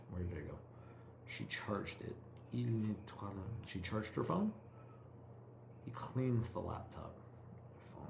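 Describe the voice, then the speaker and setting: This is a man reading practice sentences aloud in a roomy space with a faint background hum. He talks at a slow, deliberate pace, stopping often to puzzle out meanings in his English. His delivery is relaxed and self-correcting, like someone studying on his own. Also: mid-range voice. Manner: slow, halting, thinks aloud and translates line by line. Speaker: French learner reading aloud.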